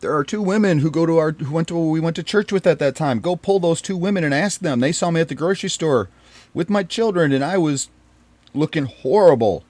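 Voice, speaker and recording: Man, fairly high-pitched, dry close sound, telling a painful personal story with earnest, rambling restarts. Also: fairly quick, dry recording. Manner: rambling, with restarts and repeated phrases; earnest and pained, often dropping quiet. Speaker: storyteller recounting his marriage.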